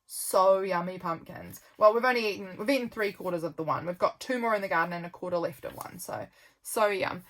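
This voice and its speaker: A woman's voice: on the low side, fairly quick, a bit bright. A young woman, chatting casually and rambling with lots of ums while flipping through her journal. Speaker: journaling vlogger.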